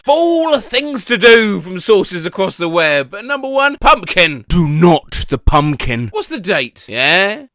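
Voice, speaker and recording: A man reading out funny online posts with lively comic asides and quick jokes. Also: sits high, no room sound, clean studio sound. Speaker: comedy Reddit reader.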